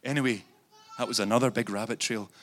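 A man's voice: medium pitch, fairly even intonation, fast talker, fairly bright tone. A man preaching a sermon, impassioned and pleading, building into fervent prayer. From Scotland.

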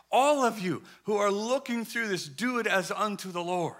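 High-voiced animated man preaching. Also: normal speed, few pauses. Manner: animated, humorous, swings between hushed and shouting. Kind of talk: sermon.

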